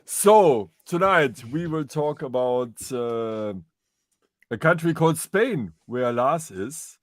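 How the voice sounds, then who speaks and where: A man's voice: mid-range voice, lively intonation, takes it slowly, no echo. A German-speaking man co-hosting a casual chat, asking questions with some hesitation. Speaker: co-host.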